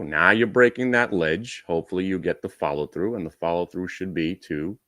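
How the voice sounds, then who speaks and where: A man's voice: lowish voice, fairly bright tone, no room sound. A man hosting a live stock trading room, coaching viewers directly on entries and stops with wry asides. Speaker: day trading host.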